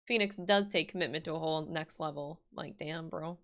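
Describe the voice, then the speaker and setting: A woman's voice: deep voice, brisk, a bit bright. A woman streaming a game, chatting casually, giggly and reading dialogue aloud in voices.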